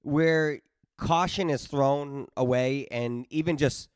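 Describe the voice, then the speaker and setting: A man's voice: medium pitch, slow, clear, resonant tone, dry recording, clean studio sound. A man hosting an interview podcast, friendly and chatty, often restarting his phrases as he tells stories. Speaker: podcast host.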